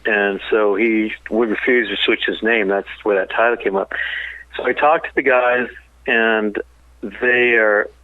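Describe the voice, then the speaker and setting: A man, a songwriter and business partner, telling rambling, animated stories in a phone-in interview. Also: fairly low pitch, unhurried. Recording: tinny phone line.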